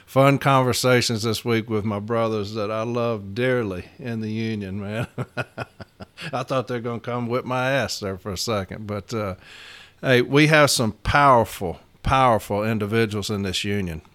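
A man's voice: fairly low pitch, a bit bright. Middle-aged male podcast host, folksy, laughs a lot, passionate. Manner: folksy, laughs often, rambling and heated. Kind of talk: casual podcast monologue.

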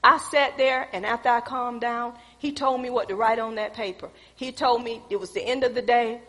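A woman preaching a sermon, moving from soft storytelling to loud emphatic exhortation. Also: fairly high pitch, fairly even intonation, moderate pace, long reverb tail. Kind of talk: sermon with personal testimony.

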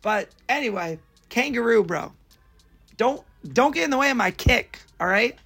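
A man's voice: extremely high pitch, lively intonation, moderate pace, gravelly, bright, forceful tone, husky, soft background music. A man co-hosting a casual podcast, ranting emphatically about his pet peeves. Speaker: podcast co-host.

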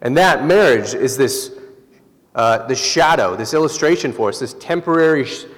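A man delivering a sermon in an easy, conversational tone, slipping into personal stories. His voice sits in the middle range. The sound carries a long reverb, as if from a large church hall. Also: mid-range voice. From Southern California. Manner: relaxed, conversational storytelling with laughs. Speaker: pastor.

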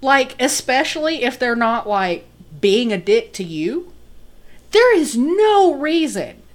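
A woman's voice: sits high, sing-song, slow pace. A woman co-hosting a casual podcast, blunt and opinionated, swearing freely. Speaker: podcast co-host. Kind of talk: casual chat.

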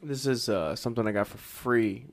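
A man's voice: mid-range voice, normal speed. A man in casual podcast chat, telling a rambling anecdote full of hesitations. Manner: rambling anecdote with many fillers and restarts.

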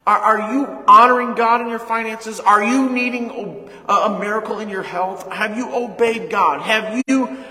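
A man's voice: high-pitched, normal speed, crowd noise. A male pastor preaching a sermon, stressing points by repeating them and putting questions to the congregation. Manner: emphatic preaching with repeated lines and rhetorical questions. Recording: echoey hall with long reverb.

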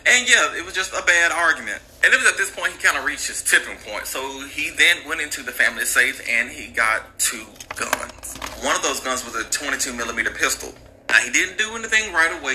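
A man casually retelling a true crime story with jokes and slang, animated and chatty. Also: mid-range voice, slight background noise, poor audio.

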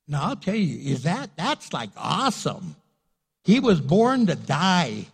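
A man preaching as pastor in a casual, animated way, acting out the people he quotes. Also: on the high side, a little slow, vocal fry, breathy edge, in a large hall. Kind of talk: sermon. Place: church sanctuary.

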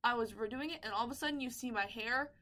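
A woman's voice: on the high side, fast, pushed and bright. A woman co-hosting a casual podcast chat, giggling and chiming in with short replies. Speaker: podcast co-host.

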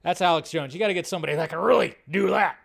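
A man's voice: high voice, racing, creaky. A man hosting a live online film show, casual, rambling and profane, with lots of fillers. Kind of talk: casual live-stream commentary.

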